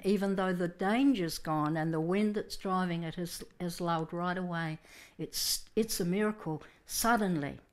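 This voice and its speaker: A woman preacher telling a Bible story vividly in a Sunday sermon, with frequent restarts. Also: on the low side.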